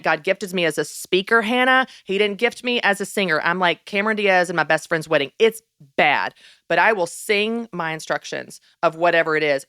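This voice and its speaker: A woman hosting a faith-based parenting podcast, chatting in an upbeat, lively way and laughing often. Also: lowish voice, clear, resonant tone, no room sound, studio quality. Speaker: podcast host.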